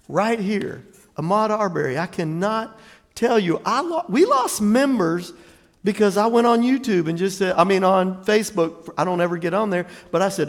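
A pastor preaching in a reverberant church hall, his voice high for a man and full of gravelly fry. He tells stories with animation, breaks into laughing asides and acts out the people he quotes. The long reverb of the sanctuary trails after each phrase. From Jacksonville, Florida, USA. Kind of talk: sermon.

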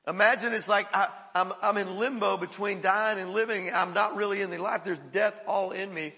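A male pastor telling stories in a sermon, animated and often chuckling. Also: high-pitched, normal speed. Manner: animated storytelling with frequent chuckles. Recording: echoey hall.

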